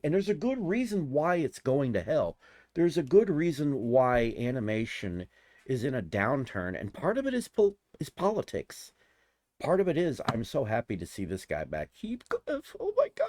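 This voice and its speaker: A man in his forties rambling in casual commentary, excitable and gushing, often restarting his sentences. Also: lowish voice, no echo. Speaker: YouTuber.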